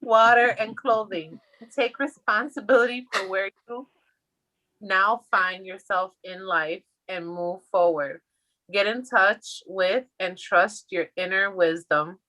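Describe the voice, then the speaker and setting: A woman co-hosting a casual spiritual chat show, reading a card's text aloud, pausing to laugh. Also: lowish voice, sharp tone, poor audio. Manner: reads card text slowly, breaking into laughter. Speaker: podcast co-host.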